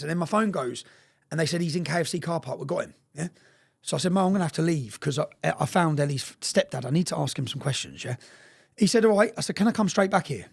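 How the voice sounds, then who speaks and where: A man telling a story fast and bluntly in a casual interview, swearing freely and often checking in with "yeah?". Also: sits high, vocal fry.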